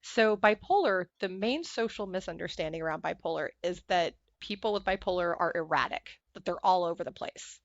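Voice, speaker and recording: In a conversational podcast interview, a woman with a lowish voice talks briskly with few pauses. She's an animated storyteller who voices the people she quotes. The audio is dull, without echo.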